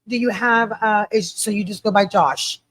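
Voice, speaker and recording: Excitable woman co-hosting a chat. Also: medium pitch, slightly rough. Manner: excitable, eager questions and quick interjections. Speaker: podcast co-host. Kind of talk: casual podcast chat.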